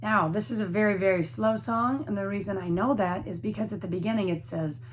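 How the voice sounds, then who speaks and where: A woman's voice: mid-range voice, a little fast, a little hiss or hum. A woman teaching a flute lesson to young students, explaining patiently and encouragingly, step by step.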